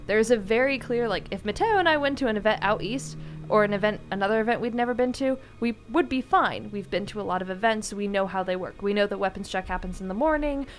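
A woman co-hosting a casual chat, telling anecdotes in an animated way. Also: medium pitch, fast. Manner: animated storyteller, acts out quotes.

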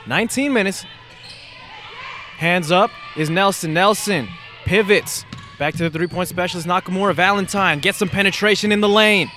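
A high-pitched man delivers fast, excitable play-by-play of a basketball game. His voice jumps to shouts whenever a big play lands. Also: faint music behind. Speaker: play-by-play announcer. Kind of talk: live basketball play-by-play commentary.

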